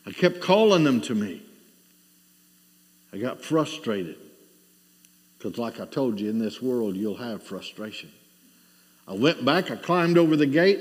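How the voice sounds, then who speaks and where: A man's voice: mid-range voice, darkish tone, long reverb tail. A middle-aged man preaching a sermon, asking rhetorical questions and telling a story with rising and falling intensity.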